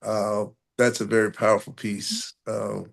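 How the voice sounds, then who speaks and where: A man's voice: fairly low pitch, a little slow, creaky. A man from North Carolina, a guest poetry performer, chatting easygoingly on a video call with folksy sayings. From North Carolina, USA. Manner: relaxed storyteller, folksy sayings and chuckles. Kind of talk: casual video-call interview.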